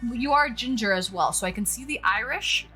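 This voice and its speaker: Bright-voiced woman hosting a live stream. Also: on the high side, animated, a little fast, soft background music. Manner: chatty, reads out viewer comments. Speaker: stream host. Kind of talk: casual live-stream chat.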